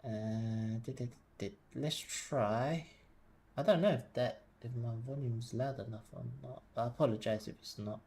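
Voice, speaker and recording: Male streamer, quiet and mumbly, hesitant, thinks aloud, sits back from the desk mic. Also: mid-range voice, a little slow. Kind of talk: casual live-stream commentary while working. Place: home desk. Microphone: desk mic, sometimes leaning back from it.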